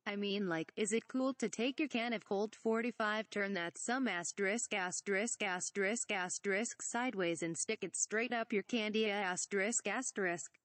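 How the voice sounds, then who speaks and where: A short-tempered princess commander snaps in a sharp, exasperated way, played by a woman. The sound is dry and close, from a parody read. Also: mid-range voice, moderate pace, hardly any pauses, no echo, natural voice.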